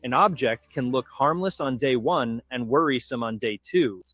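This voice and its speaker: A man delivering measured, polished scripted narration for a science documentary. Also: mid-range voice, a bit bright, no echo, soft background music.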